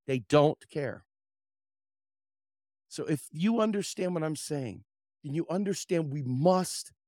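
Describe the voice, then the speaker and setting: Male podcast host, political rant, profane, sarcastic, loud bursts and low mutters, dry close sound. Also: no echo.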